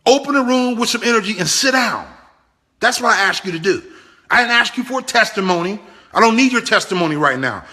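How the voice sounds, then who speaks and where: A man gives a motivational business talk with a bright, forceful voice. His speech is animated and pleading, and he repeats his points over and over for emphasis. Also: sits high. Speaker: business trainer.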